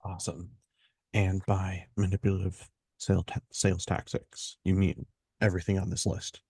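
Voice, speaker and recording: Gravelly, husky-voiced joking man. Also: sits low, level tone, moderate pace, dark tone, dry recording. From Southern California. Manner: joking, laid-back, swears casually. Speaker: podcast host. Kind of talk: casual podcast chat.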